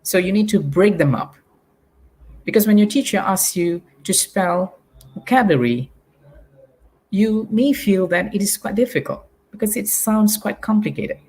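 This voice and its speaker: A man's voice: high voice, animated, moderate pace, a little mellow, breathy edge. A Malaysian man teaching a live online English lesson, patiently drilling spelling and pronunciation for primary pupils.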